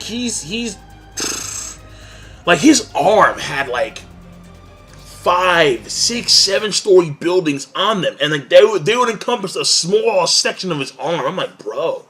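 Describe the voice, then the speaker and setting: A man's voice: high voice, fairly bright tone, breathy edge. A man giving a casual, rambling recap of an anime episode, full of slang and filler words. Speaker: anime reviewer.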